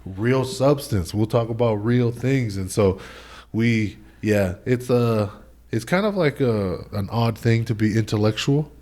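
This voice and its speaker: A man's voice: fairly low pitch, a little slow, a little mellow. Young man chatting loosely on a podcast. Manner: loose slangy talk, many fillers and restarts. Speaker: podcast guest. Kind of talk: casual chat.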